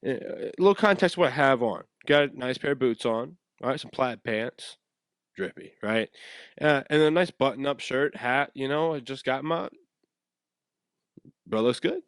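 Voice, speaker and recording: This podcast host, a young West Coast American man, rambles animatedly through a casual story and acts out quotes. He has a medium-pitched voice, a clean tone and a moderate pace, recorded in a clean studio with no echo.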